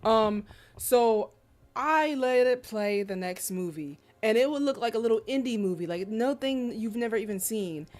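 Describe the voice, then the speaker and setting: With a slightly high voice and normal pace, this woman streamer chats casually on a live stream. Her storytelling is lively and full of slang, punctuated by loud, disbelieving exclamations.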